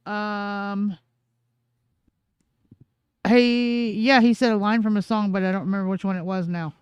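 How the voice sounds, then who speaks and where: A man chimes in beside the host in loose, casual chat, playfully repeating what the host says. His voice is high and smooth, heard dry without room echo. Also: flat delivery, unhurried, dull audio. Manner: playful, echoes the host's words.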